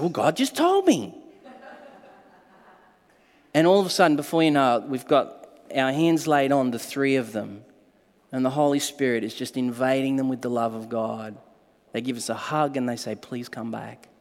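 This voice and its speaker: Brisk and mid-range, a man preaches with a big-room sound around him. As a pastor, he tells animated stories and acts out what people said.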